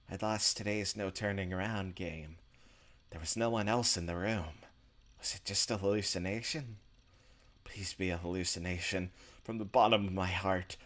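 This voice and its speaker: Low-voiced man reading a visual novel aloud. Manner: casual, offhand asides between read lines. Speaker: let's play host. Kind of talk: casual let's play, reading visual novel text aloud.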